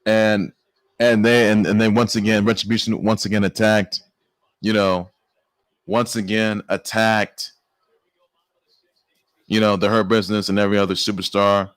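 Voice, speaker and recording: Excitable stammering man hosting sports news. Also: on the low side, normal speed, pauses often, no room sound. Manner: excitable, stammering with many restarts and exclamations. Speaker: sports show host. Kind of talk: casual sports news commentary.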